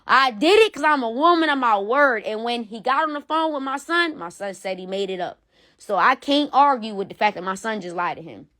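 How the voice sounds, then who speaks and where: A woman's voice: a little high, animated, a little fast, pushed and bright. A woman ranting on a phone live stream, blunt and profane, repeating herself for emphasis. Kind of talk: heated casual rant.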